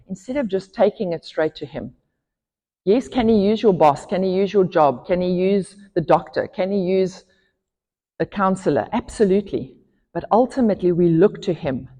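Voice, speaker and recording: A woman's voice: mid-range voice, dark tone, dull audio. A woman pastor preaching a sermon, earnest and emphatic, rising in force when she reads scripture. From South Africa. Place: church hall. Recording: church hall reverb.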